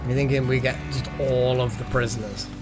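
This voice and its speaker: A gaming streamer plays a colony-building game live over music, thinking aloud with muttered asides and wry jokes. His mid-range voice moves little in pitch and runs a little fast.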